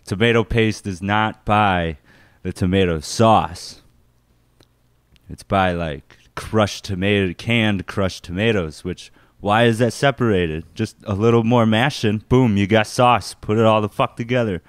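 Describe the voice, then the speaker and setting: A man's voice: lowish voice, measured pace, clear, resonant tone, no echo, studio quality. Young man telling a story, laughing. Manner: animated, laughs often, swears freely. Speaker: podcast co-host. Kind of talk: casual storytelling chat.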